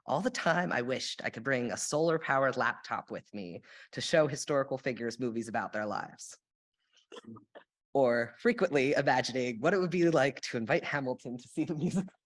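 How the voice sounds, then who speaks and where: A woman's voice: rumbling low, expressive, moderate pace. A young woman giving a sermon in a church, reflective in tone and dropping dry sarcastic asides. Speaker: lay sermon speaker. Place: church sanctuary.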